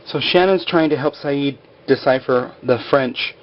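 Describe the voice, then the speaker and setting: A man's voice: mid-range voice, measured pace, highs cut off. A man casually recapping a TV episode over stick-figure drawings, chatty and rambling with lots of "like". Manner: chatty, rambling, full of "like" and acted quotes.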